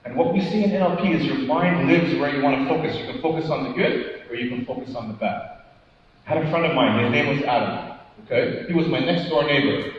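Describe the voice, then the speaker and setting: High-voiced man keynoting in an echoey hall. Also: fairly quick, slight background noise. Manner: engaging, keeps asking the audience questions and tagging "right?"; acts out anecdotes with quoted dialogue. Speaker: motivational speaker. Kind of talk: interactive conference keynote talk. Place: large conference hall. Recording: echoey hall from far off, dull sound.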